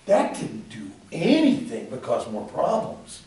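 A man's voice: fairly high pitch, huge pitch swings, a little slow, hardly any pauses, darkish tone. A man teaching a ministry class, acting out both sides of conversations and laughing often. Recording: echoey room from far off, faint noise.

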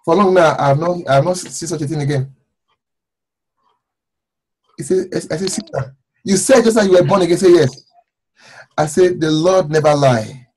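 Man preaching, husky, fairly high voice, fervent and repetitive. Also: moderate pace, long pauses. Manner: fervent, repetitive, shouting at times. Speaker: apostle leading prayer. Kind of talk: sermon and fervent prayer.

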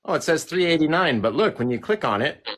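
A man hosts a casual livestream, walking viewers through his shop step by step. His voice is husky and lively, rising and falling freely as he talks. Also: fairly high pitch, a little fast. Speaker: painting channel host.

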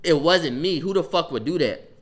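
A young man telling a story on a livestream in casual chat, animated and profane, breaking off to react to viewers' comments. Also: on the high side, moderate pace.

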